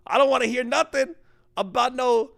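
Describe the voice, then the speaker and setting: A man putting on a loud, brash accent as a joking hype persona during live esports stream commentary. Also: very high voice, vocal fry, dry recording, clean studio sound, voice pushed up, heavily acted. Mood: mock stern. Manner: loud, drawn-out put-on accent.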